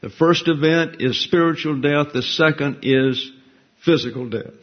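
A man's voice: on the high side, a little slow. A man teaching a Bible study, explaining Hebrew grammar in a careful, methodical way to his class. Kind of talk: verse-by-verse Bible study lecture. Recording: dull lo-fi recording.

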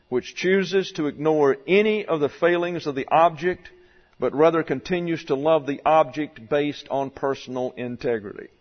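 A pastor preaching a doctrinal sermon in a church, deliberate and stressing key words as he works through numbered points. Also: a little high. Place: church sanctuary. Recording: dull sound with long hall reverb.

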